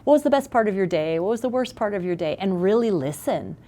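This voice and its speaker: A middle-aged woman speaking as a parenting expert guest in a conversational interview, animated and acting out little scenes. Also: medium pitch, fast.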